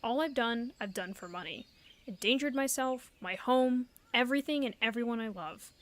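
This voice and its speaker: A woman's voice: fairly high pitch, normal speed, a bit bright, close to an everyday voice. A woman reading as a smug traitor sailor. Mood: bitter. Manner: dramatic read-aloud of game dialogue. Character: scheming male traitor sailor, smug and greedy.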